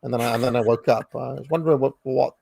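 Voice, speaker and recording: Gravelly husky guy rambling on a stream, lots of restarts, dry sound. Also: medium pitch, fairly even intonation, mellow, no room sound. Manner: rambling, halting, many restarts. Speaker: podcast host. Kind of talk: casual livestream chat.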